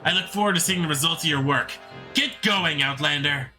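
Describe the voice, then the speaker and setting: Cruel woman general in a game reading , voiced by a man: bright, sneering, scornful. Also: a little high, brisk, soft background music. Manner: sneering, mocking, contemptuous.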